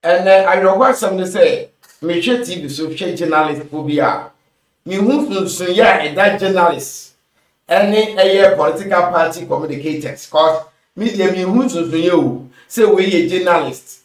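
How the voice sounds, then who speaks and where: A man with a Ghanaian accent muses through his commentary in an unhurried way. He sounds set back from the mic, in an echoey room. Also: sits high, recorded from a distance. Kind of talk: casual commentary mixing Twi and English.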